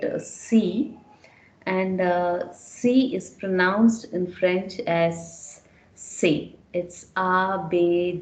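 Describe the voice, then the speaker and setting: A woman teaching a language class in a slow, unhurried voice, pitched a little low. She repeats each word patiently so students can catch it. The room echoes noticeably around her. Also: darkish tone. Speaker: French teacher. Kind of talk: classroom lecture.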